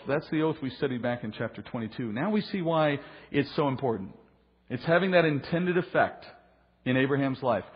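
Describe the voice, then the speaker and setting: Middle-aged pastor teaching in a reverberant hall. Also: male voice, husky. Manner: earnest, explanatory, rises in pitch for emphasis. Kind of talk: sermon Bible teaching. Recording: long reverb, dull lo-fi sound.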